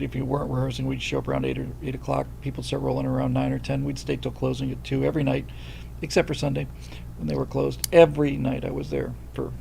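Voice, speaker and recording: A man's voice: mid-range voice, gravelly, warm tone, slight background noise, rough recording. A man hosting a livestream, chatting casually and telling rambling anecdotes. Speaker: host.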